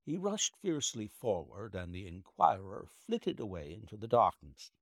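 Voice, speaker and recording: A man narrating a classic detective story in a measured, expressive reading style. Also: fairly low pitch, no room sound, studio quality. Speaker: audiobook narrator. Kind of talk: audiobook narration of classic fiction.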